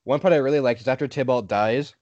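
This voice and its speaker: A man's voice: medium pitch, fast, darkish tone, no room sound. A young man co-hosting a podcast, giving dry, offhand opinions in casual chat. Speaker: podcast co-host. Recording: dry, dull lo-fi sound.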